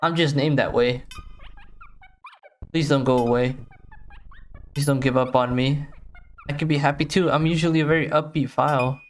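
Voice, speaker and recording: A man's voice: a little high, steady tone, normal speed, pauses often, soft background music, close to an everyday voice. A man reading the lines of an insecure talking file that pleads not to be left behind. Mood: pleading.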